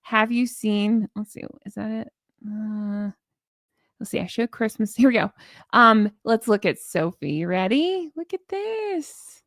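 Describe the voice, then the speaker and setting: Gravelly-voiced woman chatting on a live stream. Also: fairly high pitch, animated, measured pace, a bit bright, no echo, studio quality. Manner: chatty, gushing, reads viewer comments aloud. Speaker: YouTube commentary host. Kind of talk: casual live-stream commentary.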